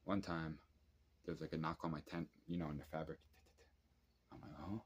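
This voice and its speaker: A man in his thirties talks through a casual late-night rant, stringing profane stories together with lots of "like" and "you know." His voice sits very low, and faint background noise runs under the recording. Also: fairly even intonation, fairly quick. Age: 30s. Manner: rambling, profane storytelling with many fillers. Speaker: vlogger. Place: at home at night, drinking and smoking.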